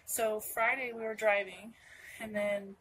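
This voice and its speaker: A woman's voice: mid-range voice, level tone, unhurried, a bit bright, slight background noise, rough recording. A young woman from Northern California telling a personal story to camera in a rambling way, full of restarts and asides. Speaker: vlogger.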